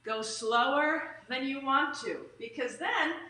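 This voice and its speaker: A high, bright woman talks a stretch and strength class through each move over a live stream. She is upbeat and chatty and wanders off on small asides. Her voice rings around an echoey room. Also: slow pace. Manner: upbeat, chatty, drifts into tangents. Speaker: fitness instructor. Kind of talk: live online exercise class. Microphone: camera or phone streaming live. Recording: roomy echo.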